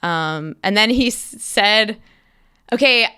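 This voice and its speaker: Bright, crisp-voiced actress telling stories. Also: female voice, medium pitch, takes it slowly, no echo, clean studio sound. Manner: animated storyteller, quotes others in lively bursts. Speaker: interview guest, actress. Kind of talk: casual interview chat.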